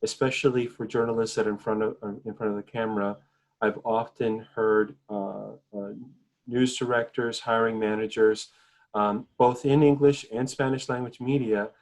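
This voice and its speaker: A man from the New York metropolitan area, speaking as a journalist guest in a video call panel, measured, often repeating words as he starts a point. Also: fairly low pitch, steady tone, darkish tone.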